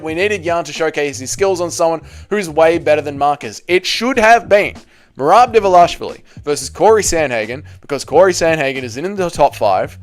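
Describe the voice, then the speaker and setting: An Australian-accented man with a voice on the high side hosts a live stream, reading chat out loud. He swears freely and teases his viewers.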